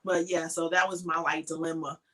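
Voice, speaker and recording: A woman's voice: sits low, flat delivery, fairly quick, sharp tone, poor audio. A tired woman hosting a casual crochet live stream, chatting in a rambling way and thanking viewers by name.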